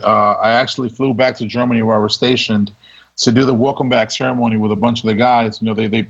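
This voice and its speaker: Gravelly-voiced man telling war stories. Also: medium pitch. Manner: laid-back, laughs as he tells stories. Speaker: guest. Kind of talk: casual storytelling. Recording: dull lo-fi audio.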